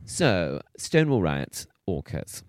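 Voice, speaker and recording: A man's voice: low voice, very animated, takes it slowly, no echo, clean studio sound. A man co-hosting a podcast in casual chat, playful and teasing, laughing often. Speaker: podcast co-host.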